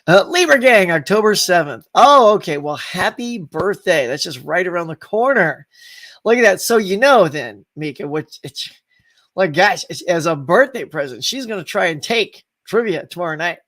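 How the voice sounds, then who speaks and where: A man's voice: sits high, expressive, moderate pace, fairly bright tone. A man hosting a live stream, chatting casually, laughing often and greeting viewers by name as he reads their comments. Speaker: host of a live stream show.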